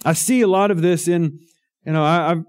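A male pastor delivering a sermon in an earnest, emphatic way. His voice sits a little high for a man, and he keeps asking his listeners rhetorical questions. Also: fairly even intonation, moderate pace, darkish tone.

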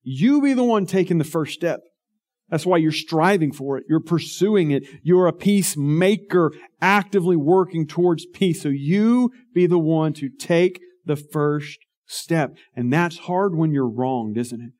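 A male pastor delivering a sermon in an earnest, emphatic way. His voice sits a little high for a man, and he keeps asking his listeners rhetorical questions. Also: animated, unhurried, darkish tone.

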